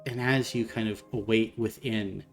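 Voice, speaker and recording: A man's voice: lowish voice, steady tone. A man narrating scenes as the game master of a tabletop role-playing game. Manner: unhurried descriptive narration. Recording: faint background music.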